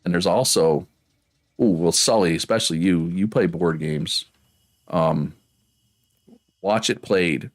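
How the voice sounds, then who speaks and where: A man with a Prince Edward Island accent rambles casually through a game stream, reading chat as he goes. His voice sits low and deep. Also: slow pace, long pauses. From Prince Edward Island, Canada. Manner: rambling, chatty, reads chat aloud.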